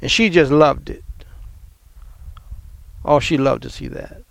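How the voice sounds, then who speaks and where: Gravelly man telling his story. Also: medium pitch, takes it slowly, no room sound. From American South. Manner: emotional, animated, laughs often. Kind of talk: personal storytelling.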